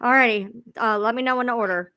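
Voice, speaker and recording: A woman rambles to her live-stream viewers in a high, bright voice. She talks casually, swears freely and laughs at herself. The sound is close and dry. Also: fast talker, no room sound. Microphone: own streaming mic sounding odd.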